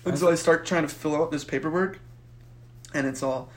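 A young man co-hosting a podcast, telling a profane story in a casual, animated way and acting out the voices in it. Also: fairly high pitch, fairly quick, slight background noise. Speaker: podcast co-host.

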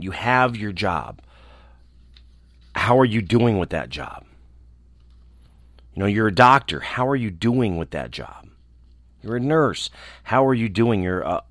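A man who hosts a show, talking alone in a small room in a reflective, earnest way, often restarting and trailing off softly. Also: on the low side, no echo, studio quality. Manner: earnest, halting, with restarts and soft trailing endings. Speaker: radio host. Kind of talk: reflective casual monologue.

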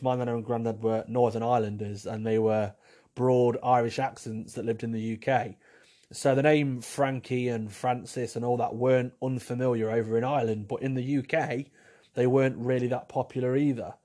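A man's voice: medium pitch, darkish tone. A man hosting a podcast, chatting casually through listener questions. He rambles, repeats himself and pokes fun at himself. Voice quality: rambling, repeats himself, wry self-mocking humour. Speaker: podcast host. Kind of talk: casual solo chat answering listener questions.

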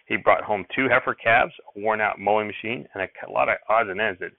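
Male audiobook narrator, steady first-person storytelling, gravelly, dry lo-fi recording. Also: on the low side, a little fast, no room sound. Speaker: audiobook reader.

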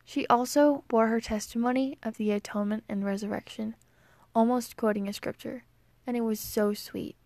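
A young woman with a fairly high voice reads her old diary entries aloud. She delivers them earnestly with a touch of mock drama. The recording is dry and close, with no room sound. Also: steady tone, normal speed, a little mellow, no echo. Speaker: vlogger.

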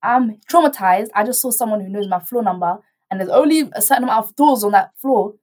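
A young woman, telling a story in casual chat as a guest, animated and rambling, with many restarts and quoted dialogue. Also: mid-range voice, fairly quick.

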